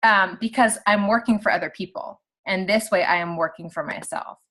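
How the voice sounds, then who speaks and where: Chatty, animated woman leading a team call. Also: mid-range voice, normal speed. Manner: chatty and animated, heavy use of "like". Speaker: team leader on a sales call. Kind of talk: casual motivational talk. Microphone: video call.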